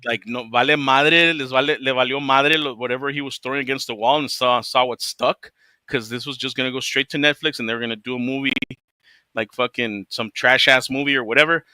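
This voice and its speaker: Guy hosting a chat, super bright voice, swears a ton while he rants, dry mic. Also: medium pitch, steady tone, brisk, no room sound. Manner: profane, ranting, laughs often. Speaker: podcast host. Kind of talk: casual chat.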